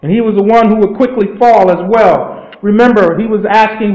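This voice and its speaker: A man's voice: high voice, a little fast, a little mellow, roomy sound, rough recording. A man preaching a sermon, retelling scripture in an earnest storytelling way with loose grammar.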